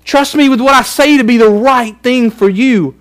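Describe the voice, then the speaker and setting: A man's voice: very high-pitched, moderate pace. A man preaching a sermon as pastor, earnest and emphatic with lots of repetition.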